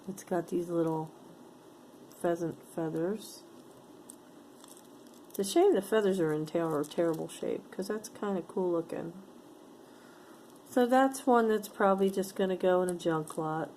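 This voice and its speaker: A woman's voice: on the low side, mellow, a little hiss or hum. A woman chatting casually to her camera as she sorts through jewelry, musing aloud and easily delighted by each piece. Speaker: vlogger sorting jewelry for sale. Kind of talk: casual show-and-tell chat.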